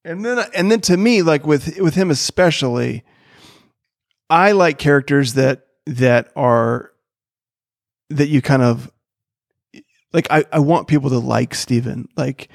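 Gravelly middle-aged man, rambling casually. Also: fairly high pitch, a little slow, long pauses, no echo, studio quality. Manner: rambling, many restarts. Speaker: character comedian, podcast guest. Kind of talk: casual conversation.

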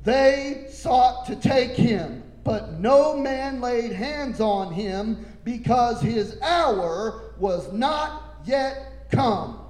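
Male preacher, high voice, slow deliberate delivery, impassioned sermon in an echoey room. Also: expressive. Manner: impassioned, building to shouting.

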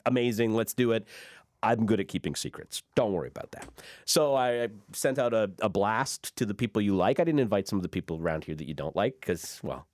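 A man co-hosting a casual radio-station chat, quick with reactions and asides. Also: on the low side, animated, a little mellow, dry recording. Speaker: radio co-host.

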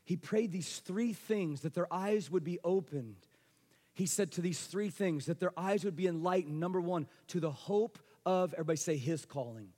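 A man preaching a sermon with fervour, calling for responses and moving between loud bursts and hushed passages. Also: high-pitched, moderate pace. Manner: passionate preaching with call-and-response, swinging between loud and soft. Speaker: pastor. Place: church sanctuary. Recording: long hall reverb.

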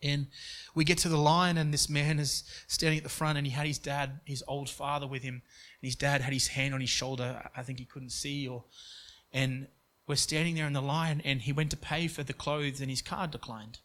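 A man's voice: medium pitch, level tone, normal speed, a bit bright. A young man preaching, telling a story in an earnest way with frequent restarts. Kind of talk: sermon story.

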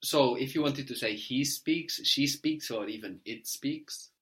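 A man teaching a language lesson, patiently prompting his student and spelling words out letter by letter, often checking with a quick "no?". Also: mid-range voice, a bit bright.

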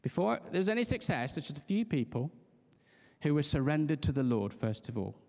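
A man preaching in a relaxed, conversational way, earnest and prone to restarting his phrases. His voice sits a little high for a man. It rings out through a hall with a long reverb. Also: brisk, vocal fry. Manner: conversational, earnest, with frequent restarts and light laughs. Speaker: pastor. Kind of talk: sermon.

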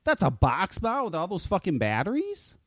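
A man's voice: high-pitched, wildly swooping pitch, moderate pace, a bit bright, husky, dry recording, studio quality. A man hosting a casual talk radio show, joking and swearing, often stammering and repeating words. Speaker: podcast host.

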